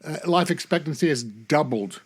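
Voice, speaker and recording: A man co-hosting a casual political chat, earnest and halting, with many fillers. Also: fairly high pitch, lively intonation, slightly rough.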